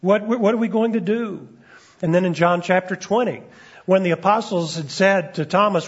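A male pastor preaching in a conversational way. He stumbles through frequent fillers and restarts, and his voice sits fairly high. The recording sounds muffled and lo-fi. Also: normal speed, breathy edge. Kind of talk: sermon. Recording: dull lo-fi recording.

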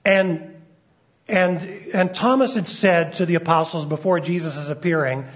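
Conversational pastor preaching, fairly high voice. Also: male voice, normal speed. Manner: conversational, with frequent fillers and restarts. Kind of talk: sermon. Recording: dull lo-fi recording.

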